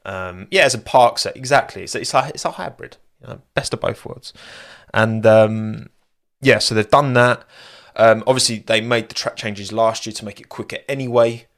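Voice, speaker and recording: Chatty man, low rambling voice. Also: a bit bright. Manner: rambling, chatty, laughs at own asides. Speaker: podcast host. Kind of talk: casual motorsport chat, live-streamed.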